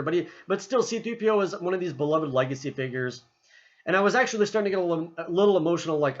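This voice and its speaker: A man talking casually about a film he just saw, rambling with lots of restarts and acting out scenes in quick voices. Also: fairly high pitch, a bit bright, lo-fi sound. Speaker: movie reviewer.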